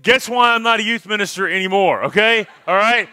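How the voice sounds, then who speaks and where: A man tells a comic story at a youth camp service, animated and forever checking in with "okay? all right?". His voice sits high and rings bright. The sound is close and dry, with little room around it. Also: fairly quick, clear, resonant tone, no room sound. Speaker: camp speaker, former youth minister. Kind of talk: humorous storytelling to a youth crowd.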